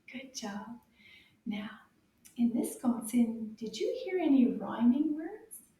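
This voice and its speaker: A woman teaching a beginners' French lesson to children, slow and sing-song with carefully exaggerated enunciation. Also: a little high, mellow, heavy reverb, distant mic.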